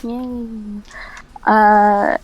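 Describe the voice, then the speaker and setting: A woman's voice: medium pitch, level tone, very slow, dull audio. A woman playing a tabletop game, casual and blunt as she eagerly announces her rolls. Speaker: player.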